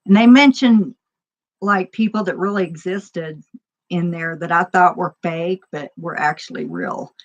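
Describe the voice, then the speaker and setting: A woman's voice: lowish voice, a little slow, dull audio. A woman chatting casually as a stream host, rambling and laughing often. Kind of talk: casual chat.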